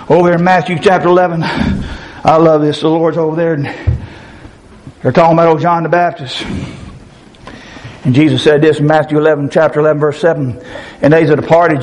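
Fiery preacher man shouting. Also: poor audio. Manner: shouting, swinging between high bursts and low growls. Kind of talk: fiery revival sermon.

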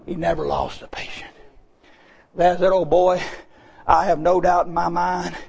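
A male preacher telling a story in a folksy sermon, swinging between hushed tones and shouts. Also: high voice, vocal fry, husky.

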